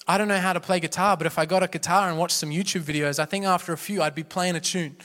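Man, pastor, high voice, passionate emphatic sermon, long hall reverb. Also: steady tone, fast, a bit bright. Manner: passionate, emphatic preaching with repeated refrains. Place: church auditorium.

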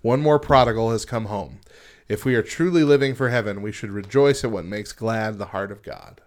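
Speaking a little fast in a low, darkish voice, a man co-hosts a morning radio show. He reads the news and articles aloud before riffing casually, laughing often along the way.

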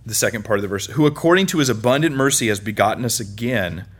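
A man from California preaching a sermon at a mid-range pitch. He drives his points home with sudden loud, high stresses, then drops to quiet, low lines. He slips in self-mocking humor and chuckles. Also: expressive, quick pace, slightly rough. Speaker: pastor.

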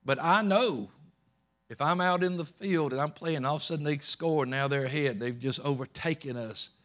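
A man preaching a sermon, swinging between loud emphatic peaks and low soft storytelling, often repeating words and restarting. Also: moderate pace. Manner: rising to loud emphatic peaks, then dropping low and soft while retelling scripture.

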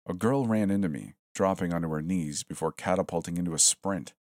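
A man with a very low voice narrates a horror story in a steady, tense way. His delivery stays even and measured, and the recording is close and dry with no room sound. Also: no echo.

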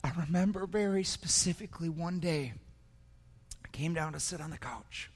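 An older man with a fairly high voice preaches a sermon, his words ringing in a long-echoing hall. He tells a personal story earnestly and with feeling, often repeating himself as he builds. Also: normal speed. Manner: earnest, emotional storytelling with repetitions. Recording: echoey hall.

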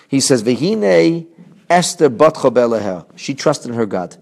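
A man teaching a Torah class, talking in a lively way, asking his listeners rhetorical questions and often restarting and repeating words as he explains. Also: medium pitch, measured pace, gravelly.

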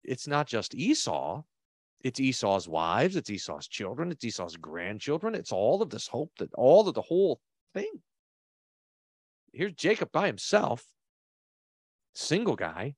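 Expressive male pastor reading aloud. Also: mid-range voice, measured pace, no room sound, studio quality. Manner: expressive reader who leans hard on key words. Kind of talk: reading a text aloud and commenting on it.

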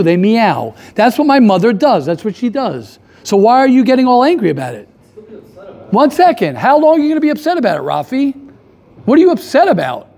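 A man teaching a casual class, animated, firing rhetorical questions and repeating his points. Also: very high-pitched. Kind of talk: casual lively classroom talk.

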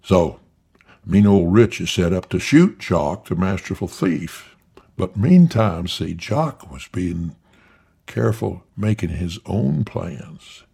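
A man telling a folksy tall tale in an unhurried, drawling yarn-spinning manner. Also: sits low, lively intonation, creaky, warm tone, husky. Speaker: storyteller.

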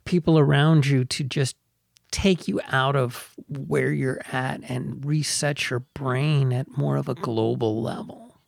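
A man's voice: medium pitch, fairly even intonation, slow, gravelly, no room sound, clean studio sound. A man co-hosting a podcast in casual chat, reflective and meandering, often trailing off mid-thought. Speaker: podcast co-host.

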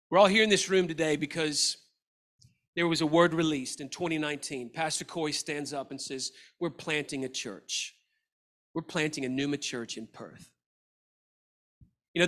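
A male pastor preaching a sermon to a church audience, animated and acting out the lines of Bible characters. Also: high-pitched. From Australia. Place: church hall.

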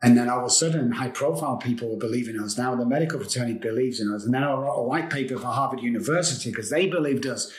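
A man's voice: medium pitch, very fast, hardly any pauses. A man, a guest telling his own recovery story in an earnest, confessional way and repeating phrases for emphasis. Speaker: guest, addiction recovery expert. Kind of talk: emotional personal storytelling. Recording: roomy echo.

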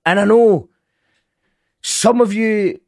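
A man's voice: sits high, slow pace, gravelly, no room sound, studio quality. A man hosting a podcast, talking casually and earnestly to his listeners, with frequent restarts. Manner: stumbling, earnest, lively. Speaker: podcast host.

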